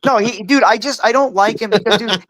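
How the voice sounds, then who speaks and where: Brisk and fairly bright, this panel host's high-pitched voice comes through with no room sound as he rants casually about politics. He's profane and all over the place, stuffing in "like" and "dude" and tripping into restarts as his temper rises.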